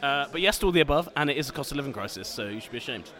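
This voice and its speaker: A man's voice: mid-range voice, expressive, very fast, sharp tone. A man co-hosting a podcast from a bar, teasing his friends with laughing, mock-outraged banter. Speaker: podcast co-host. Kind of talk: casual banter.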